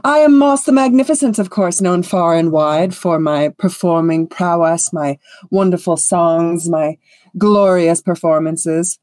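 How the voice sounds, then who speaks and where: A woman's voice: fairly low pitch, a little slow, a little mellow, dry recording, close to an everyday voice. A woman voicing a vain, boastful female performer who talks in a grandiose, haughty, theatrical way.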